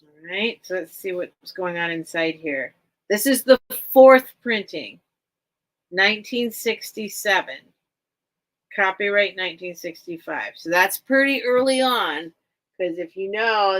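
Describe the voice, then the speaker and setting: A woman's voice: lowish voice, fairly bright tone, low-quality recording. A woman hosting a live vintage sale stream, chatting casually with viewers and her cat and getting easily sidetracked. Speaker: live sale host selling vintage items.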